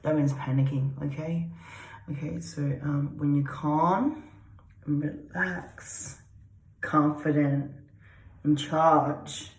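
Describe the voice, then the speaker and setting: Speaking low and a little mellow, this woman presents herself as a dog and human psychologist in a loose, unedited explainer. She wanders off track, says things more than once, and curses to drive points home, all in an echoey room.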